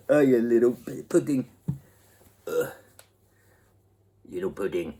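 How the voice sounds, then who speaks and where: Husky, playful man. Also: medium pitch, big pitch swings, slow, mellow. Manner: playful, laughs often, chats to a baby. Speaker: host answering viewer questions. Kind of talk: casual question-and-answer chat.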